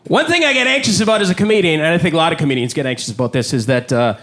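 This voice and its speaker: Canadian man doing stand-up, high voice. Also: expressive. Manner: wry, conversational, does quick voices for bits. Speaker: stand-up comedian. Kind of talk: live stand-up set. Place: comedy club with a live audience. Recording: live club recording with loud crowd and noise. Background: audience laughter and room ambience.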